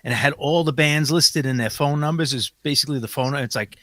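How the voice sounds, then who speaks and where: A man in a casual music chat, eagerly sharing something with halting fillers. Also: fairly high pitch, fairly bright tone.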